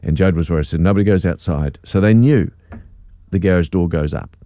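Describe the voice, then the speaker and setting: A man's voice: deep voice, fairly quick, dry recording, studio quality. A man, a radio breakfast host, telling a story in casual chat and acting out the voices as he goes. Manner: animated storyteller who acts out voices and laughs. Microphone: studio microphone.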